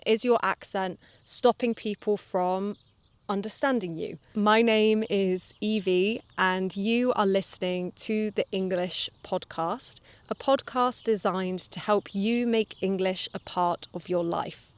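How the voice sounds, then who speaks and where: A woman hosting a relaxed English-learning podcast, explaining things calmly and drawing out her vowels. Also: medium pitch, a little slow, no echo. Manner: calm, explanatory, draws out vowels. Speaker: English teacher and podcast host.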